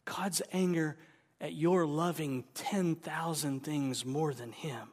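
A man pastor preaching a sermon, dropping to hushed whispers and then rising to loud, emphatic declarations. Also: a little high, slow, breathy edge. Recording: long reverb of a large hall.

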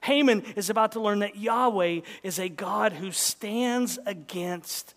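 A man preaching a sermon, telling a story with dramatic pauses and rising to emphatic peaks. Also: high-pitched, a bit bright, in a large hall.

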